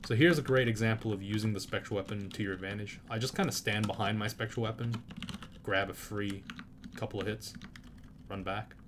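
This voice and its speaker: A man with a fairly low voice and fairly even intonation speaks a little fast, offering casual, foul-mouthed commentary while gaming and flaring up indignantly at enemies. The recording has background noise and loud keyboard clicks from the mic.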